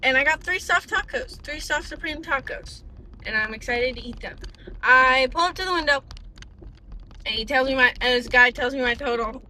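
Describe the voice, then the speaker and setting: A young woman chatting casually, animated and giggly, tripping over words as she reads facts aloud. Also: high voice, moderate pace, slight background noise. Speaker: vlogger.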